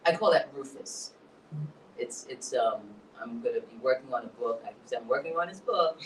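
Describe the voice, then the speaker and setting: Motivational poet in an echoey hall. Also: male voice, mid-range voice, moderate pace, distant mic, a little hiss or hum. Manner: animated storyteller, mixes motivational talk with laughter. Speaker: poet and guest speaker. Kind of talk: live onstage interview. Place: hall at a live event.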